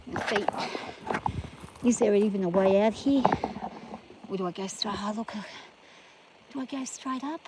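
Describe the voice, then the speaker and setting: A woman in the middle of a walk outdoors, drained and overheated, talking herself through her nerves in a casual, rambling way. Her pitch sits in an ordinary middle range. Loud outdoor noise runs constantly under her voice. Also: a little slow, long pauses. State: exhausted and overheated. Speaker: farm vlogger. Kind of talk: casual self-filmed chat while walking. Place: outdoors on hot rough ground.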